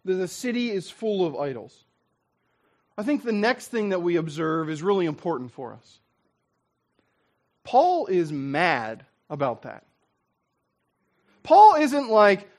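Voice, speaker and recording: A man preaching a sermon as a pastor, in a lively, conversational way that acts out what people say. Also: high voice, unhurried, long pauses.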